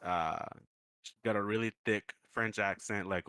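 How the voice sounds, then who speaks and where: A man running a tabletop game as game master, telling the story in a relaxed, easygoing way. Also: on the low side, unhurried, clean tone, no room sound.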